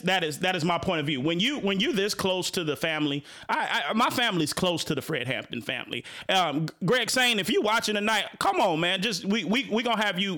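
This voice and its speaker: A man's voice: high voice, pushed and bright. A man with a Chicago accent hosting a casual talk show, speaking animatedly with frequent repeated words and restarts. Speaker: host.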